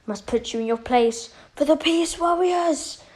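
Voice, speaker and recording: A woman's voice: high voice, unhurried, darkish tone, pitched above the performer's own voice. A woman voicing a determined young male fighter who speaks sternly and earnestly.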